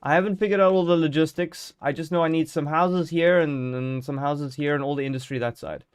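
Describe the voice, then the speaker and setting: A man's voice: fairly high pitch, fairly even intonation, fairly quick, clean tone, faint music behind. A man streaming a game live, chatting casually and joking as he thinks aloud.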